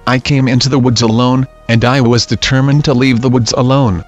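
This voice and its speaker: A man reading scary stories aloud in a steady, even narration. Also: mid-range voice, a little fast. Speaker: story narrator. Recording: dull lo-fi audio with faint music.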